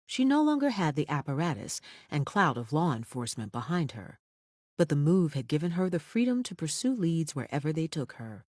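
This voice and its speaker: Audiobook narrator, thriller, lively pitch, dry close studio sound. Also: fairly quick, dry recording.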